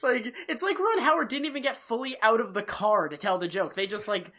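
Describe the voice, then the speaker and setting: A man co-hosting a casual comedy podcast, ranting with exasperation, swearing freely and jumping sharply up in pitch. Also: brisk, pushed and bright. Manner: exasperated, swearing rants with sudden jumps in pitch. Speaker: podcast co-host.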